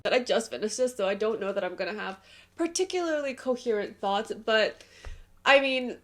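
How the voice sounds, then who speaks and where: A woman's voice: medium pitch, expressive, fairly quick. A young woman vlogging about books, gushing and emotional, laughing often as she talks. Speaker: book vlogger. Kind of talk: casual reading vlog with read-aloud passages.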